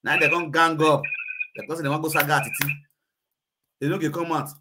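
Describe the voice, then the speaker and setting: A man's voice: fairly high pitch, little pitch movement, fairly quick, background noise. A man with a Nigerian Pidgin accent hosting a live video chat, ranting emphatically and repeating himself. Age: adult.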